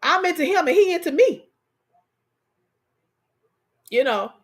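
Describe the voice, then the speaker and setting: A woman hosts a casual livestream, speaking straight to her viewers. Her voice sits high, and she keeps it lively and playful, laughing as she goes. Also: unhurried. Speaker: live stream host.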